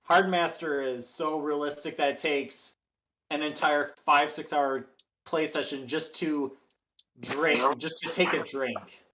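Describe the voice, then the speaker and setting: A man's voice: on the high side, steady tone, slow pace, pushed and bright, slight background noise. A man playing in a tabletop game who talks casually and explains the rules to the others. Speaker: player.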